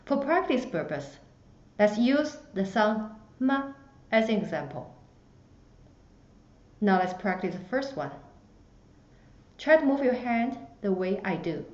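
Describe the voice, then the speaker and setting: A woman teaching a beginner lesson, slowly demonstrating each tone with exaggerated pitch. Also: big pitch swings. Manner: slow, careful, exaggerated tone demonstrations. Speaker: Chinese language teacher. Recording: roomy, slightly dull recording.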